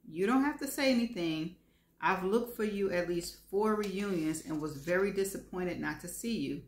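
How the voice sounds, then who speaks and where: Gentle, sincere middle-aged man as a female reader voices him, low-pitched, echoey room. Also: normal speed, slight background noise, lightly acted. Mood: earnest. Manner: earnest, gentle. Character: earnest middle-aged man confessing an old crush. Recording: roomy echo.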